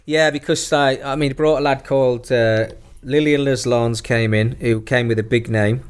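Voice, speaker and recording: A man's voice: mid-range voice, steady tone, moderate pace, clear, resonant tone. A middle-aged man, a former footballer telling profane stories in casual chat and laughing through them. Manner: profane, laughing anecdote-teller. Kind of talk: casual storytelling.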